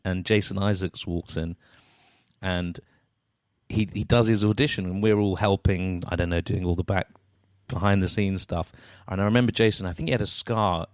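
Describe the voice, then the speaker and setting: A man's voice: deep voice, dry recording, clean studio sound. A man hosting an interview podcast, chatting casually and telling rambling anecdotes. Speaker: podcast host.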